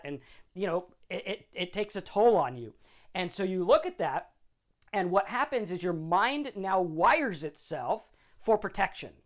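A man's voice: sits high, fairly bright tone. A middle-aged man hosting a sobriety talk, speaking in an informal, conversational way and often checking in with "right?". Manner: conversational, tags lines with "right?".

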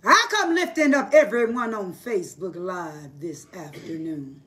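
Hoarse woman preaching emphatically. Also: mid-range voice, lively intonation, measured pace, hardly any pauses, fairly bright tone, recorded from a distance. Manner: emphatic, folksy preaching with call-and-response asides. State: hoarse, losing her voice. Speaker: Bible teacher. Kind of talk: livestreamed sermon teaching. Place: live online broadcast.

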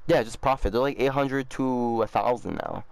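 A man's voice: medium pitch, moderate pace, creaky. A man, a gaming YouTuber, talking casually and upbeat, full of fillers like "bro" and "um". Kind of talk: casual gaming chat and video outro.

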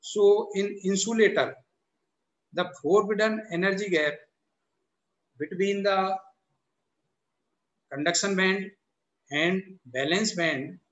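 A man with an Indian English accent giving a university lecture, halting and repetitive, often restarting with "so the" and "or we can say". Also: high-pitched, fairly bright tone, roomy sound, rough recording. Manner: halting, repeats itself, frequent "so the" and "or we can say" restarts. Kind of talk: recorded classroom lecture.

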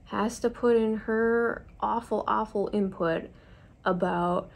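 A woman's voice: mid-range voice, fairly even intonation, takes it slowly, creaky. A young adult woman chatting in a confiding, self-deprecating way while doing her makeup, telling a story from her school years. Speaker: vlogger. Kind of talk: get-ready-with-me storytelling.

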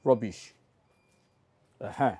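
An actor playing a pushy landlord with a Nigerian accent, scolding and nagging about rent in a film drama. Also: male voice, slow, a little hiss or hum, natural voice. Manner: loud, nagging, scornful. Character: pushy middle-aged landlord, scolding and leering.

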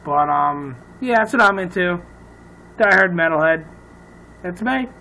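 A man who is a comedian, rambling loudly and profanely in a casual talk to camera. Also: high-pitched, lively intonation, unhurried, poor audio. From Irish heritage. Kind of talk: casual off-the-cuff chat to camera.

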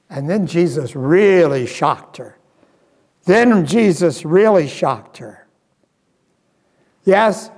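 A male pastor preaching slowly and earnestly, his fairly high voice carried by a long church reverb. He leans on rhetorical questions to draw the congregation in. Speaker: guest pastor. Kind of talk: sermon. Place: church sanctuary.

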